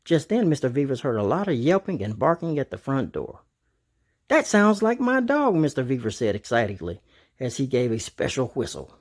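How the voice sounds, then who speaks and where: A man narrating a children's storybook aloud in an animated, expressive way. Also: medium pitch, brisk, husky.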